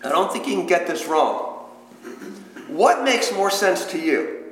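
Unhurried yet very animated, this high-pitched male voice guides a Bible study class in a church hall, chatting casually, quizzing participants and tossing in playful quips. The recording carries the room's echo and long reverb.

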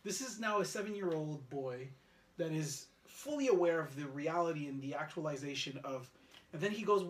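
A man's voice: a little high, moderate pace. A man co-hosting a podcast, telling a family story in casual chat and acting out the lines of the people in it. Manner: animated storyteller, acts out his son's lines. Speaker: podcast co-host.

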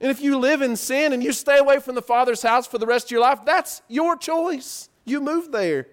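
A high-voiced man preaching a sermon in a lively, conversational way. He keeps throwing rhetorical questions at his listeners as he tells the story. His pitch swings widely from high to low. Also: normal speed.

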